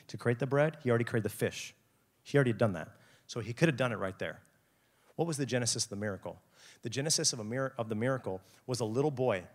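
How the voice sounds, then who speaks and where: An energetic young man delivering a youth sermon, his pitch leaping around as he acts out little scenes and jokes. He preaches casually and lets his voice jump high for effect. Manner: animated, jokey, acts out quotes with big pitch swings. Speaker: youth pastor. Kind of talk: lively sermon.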